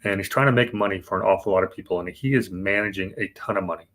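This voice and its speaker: A man's voice: low voice, very fast, fairly bright tone. A man hosting a podcast, explaining financial history in a casual, rambling way with fillers and restarts. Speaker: podcast host. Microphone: remote podcast setup.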